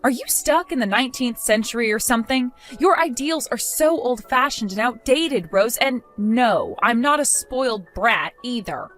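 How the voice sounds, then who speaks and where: This young wife defends herself in a bright, high voice that swings widely up and down, as a woman acts her out. She sounds exasperated and pleading, with soft music underneath. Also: expressive, normal speed, few pauses. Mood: defensive. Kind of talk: text-story voice acting.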